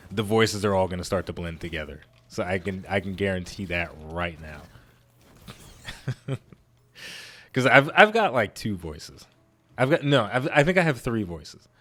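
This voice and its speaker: A man hosting a let's play, giving casual, excitable gameplay commentary that rambles with frequent restarts. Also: on the low side.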